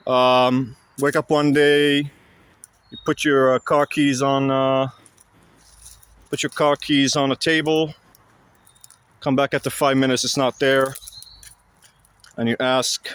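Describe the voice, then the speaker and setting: Talking to camera, a vlogger explains things casually in a halting, blunt way with lots of fillers and restarts. His voice is mid-range, a bit bright, and smooth, with little pitch movement.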